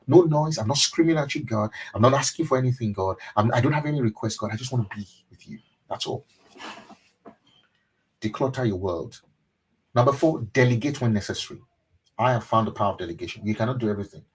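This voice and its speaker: Man, pastor, motivational webinar speaker; earnest and repetitive, mid-pitched, shifting to hushed intimate delivery. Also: fast, husky, rough recording. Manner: earnest, repetitive, mimics loud praying then drops to a soft intimate tone. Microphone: webinar microphone.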